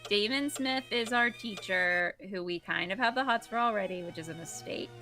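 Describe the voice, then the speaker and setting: A woman's voice: medium pitch, pushed and bright, soft background music. A woman co-streaming a game, chatting, joking and speculating about the story. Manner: chatty, joking, quick to laugh. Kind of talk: let's-play commentary.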